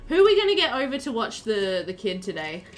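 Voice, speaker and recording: This Australian woman's voice is fairly high, fast, and very animated, with soft music behind it. She's streaming a game live from home, chatting casually in a meandering way full of filler words.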